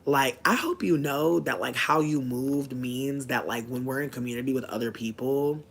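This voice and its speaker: Indoors at home, a male vlogger delivers a casual monologue in a mid-range, creaky, fairly bright voice at a moderate pace, with a little hiss or hum audible. He's frank and chatty, swears a lot, and peppers his speech with "like."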